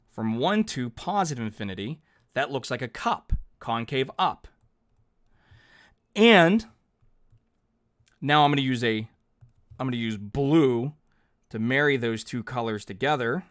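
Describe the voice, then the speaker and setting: A math teacher with a medium-pitched, somewhat bright voice narrates a calculus lesson on a digital whiteboard, speaking animatedly but a little slowly with frequent pauses. Chatty and upbeat, he thinks aloud and corrects himself as he writes each step.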